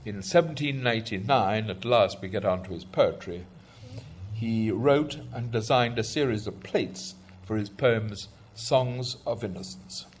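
Hesitant man with a low voice. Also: measured pace, slightly rough. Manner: hesitant, many ums and restarts. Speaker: speaker introducing poems. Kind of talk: conversational talk.

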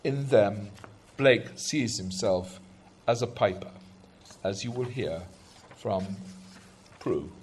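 A man speaks in a low voice, pausing often with ums and small restarts as he gives background. A faint hiss sits under the recording. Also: animated, darkish tone. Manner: hesitant, many ums and restarts. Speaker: speaker introducing poems. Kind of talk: conversational talk.

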